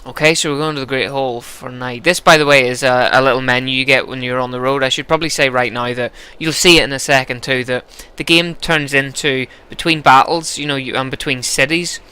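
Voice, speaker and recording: Man, casual game commentary, self-mocking humour, bright and clear-toned. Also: medium pitch, fairly even intonation, brisk, hardly any pauses. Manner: joking, self-deprecating asides. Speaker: lets-play narrator.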